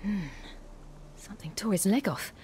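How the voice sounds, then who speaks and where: A woman as a calm young monster huntress. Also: mid-range voice, lightly acted. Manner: calm, measured and matter-of-fact. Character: composed young female monster hunter. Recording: game music playing behind.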